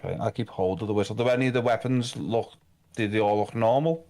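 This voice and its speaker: A man's voice: lowish voice, darkish tone. A man playing a tabletop game, slipping into a cold, menacing tone for his character. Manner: plays his character as coldly menacing, slow and drawn out. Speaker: player.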